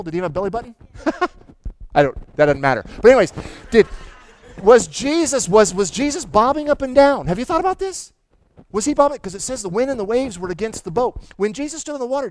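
A middle-aged male pastor preaching a sermon. He tells stories with stammered restarts and keeps asking the congregation questions. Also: high-pitched. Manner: animated storytelling with stammered restarts; asks the audience questions.

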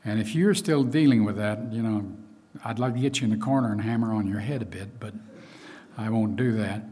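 A man's voice: on the low side, a little fast, dark tone. A man preaching a sermon in a conversational way, with frequent asides and fillers.

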